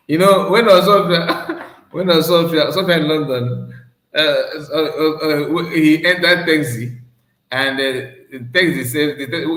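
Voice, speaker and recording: A man's voice: on the high side, fairly bright tone, roomy sound, low-quality recording. A man with a Nigerian accent hosting a reaction commentary, laughing often, repeating himself and switching into Igbo. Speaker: commentary host.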